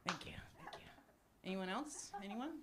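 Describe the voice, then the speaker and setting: Woman, forties, stand-up comedian, deadpan, self-deprecating, live mic, noisy cafe recording. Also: medium pitch, normal speed. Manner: deadpan, self-deprecating, frequent ums and laughs. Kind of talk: live stand-up set with crowd work. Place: small cafe stage with live audience.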